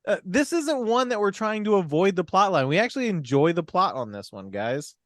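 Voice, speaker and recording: Man, podcast co-host, lively pitch, somewhat high voice, very dry close sound, emphatic casual banter. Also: fairly quick, dry recording. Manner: emphatic, swearing, laughing recaps.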